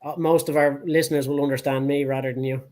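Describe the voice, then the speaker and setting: A man's voice: mid-range voice, little pitch movement, fast talker, over a noisy crowd. A man with a Dublin accent co-hosting a casual sports chat, blunt, heated and full of swearing. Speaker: podcast co-host.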